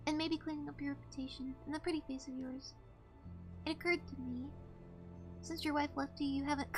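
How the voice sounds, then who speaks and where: A woman reading aloud the lines of a male taxi passenger who taunts the driver with needling, teasing questions. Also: high voice. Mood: taunting.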